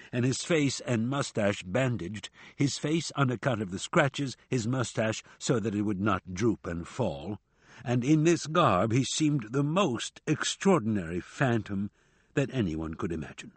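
A man narrating an audiobook in a measured, steady reading. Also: mid-range voice, husky, no room sound. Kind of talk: scripted narration.

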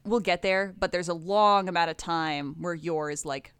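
Lively, profane woman discussing game lore. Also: on the low side, clear, resonant tone, dry recording. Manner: animated, profane, quick asides. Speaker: podcast co-host. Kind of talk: casual chat about game lore.

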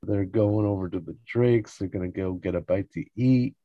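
This show host walks through a sitcom episode at an easygoing pace, performing the dialogue and laughing frequently. His pitch is on the low side and his speed normal. The close-mic recording is dry, with a dull, lo-fi quality.

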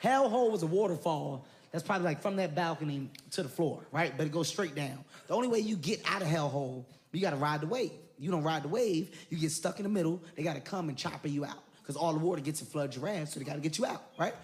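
A man doing stand-up storytelling, animated, with loud bursts and laughing at his own story. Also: fairly high pitch, fast talker, few pauses. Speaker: stand-up comedian. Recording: live stage recording with audience noise.

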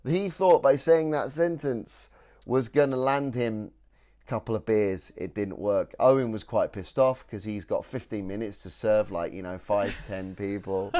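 A man's voice: medium pitch, darkish tone. A British man, a podcast co-host, telling a story in casual chat with rambling restarts.

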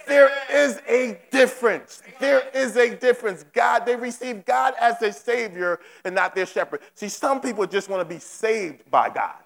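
Man, pastor, high gravelly voice, fervent repetitive preaching, church service, long hall echo. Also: moderate pace, few pauses, fairly bright tone. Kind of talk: sermon.

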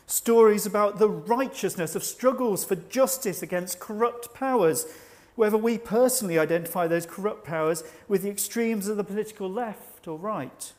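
A man preaching a sermon at a church service, measured and reflective, slowing down to stress key words. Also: sits high, darkish tone. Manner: measured, reflective, slows for emphasis.

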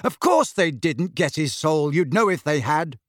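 Casting: exasperated teen boy, clipped and tense, lively pitch, read by a male narrator. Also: normal speed, no room sound, studio quality. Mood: impatient. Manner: impatient and clipped. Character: impatient, exasperated teenage boy wizard. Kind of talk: audiobook character voice.

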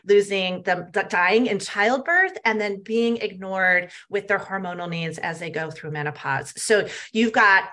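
A middle-aged woman who works as a health coach speaks in a mid-range, sharp-toned voice, unhurried and with few pauses. As a guest on a podcast interview, she talks earnestly and emphatically, often tacking on "right?".

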